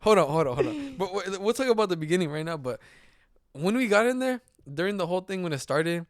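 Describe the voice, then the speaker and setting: A man in his twenties co-hosting a podcast, telling stories in an excitable, casual way and laughing along. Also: high voice, quick pace, dry recording, studio quality. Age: 20s. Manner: excitable, animated storytelling, laughs. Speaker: podcast co-host. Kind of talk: casual chat.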